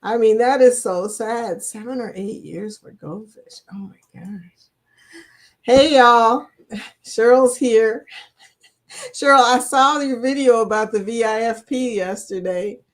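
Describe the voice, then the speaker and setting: A woman's voice: fairly high pitch, takes it slowly. Chatty laughing Kentucky woman host. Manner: chatty, laughs often, teasing. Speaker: livestream host. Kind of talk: casual chat greeting viewers.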